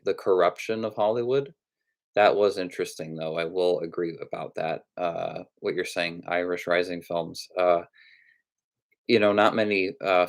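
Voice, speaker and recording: A young man hosting a casual live-stream about movies, talking in a halting way with frequent restarts. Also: deep voice.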